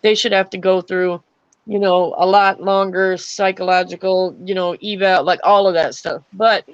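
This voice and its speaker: A woman's voice: on the low side, steady tone, normal speed, clear, resonant tone, dull audio. A young adult woman who is an army veteran, telling stories in a casual chat with lots of fillers and restarts. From Florida. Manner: rambling storytelling with many fillers.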